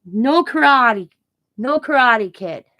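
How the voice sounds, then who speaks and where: A woman imitating her male doctor, a cheerful but blunt man who gives firm orders in clipped, broken phrases, repeating them slowly for emphasis. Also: on the high side, lively intonation, pushed and bright, full character voice. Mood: firm, emphatic.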